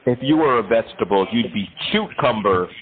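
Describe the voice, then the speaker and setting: A man's voice: lowish voice, lively intonation, a little fast. A man making a prank phone call, reciting cheesy flirting pick-up lines. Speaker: prank caller. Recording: tinny phone line.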